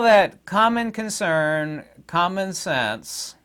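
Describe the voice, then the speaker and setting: Casting note: middle-aged American man, indignant solo commentary, lively swooping pitch. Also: a little slow. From United States. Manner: indignant, rambling, with sarcastic asides. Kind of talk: casual political monologue.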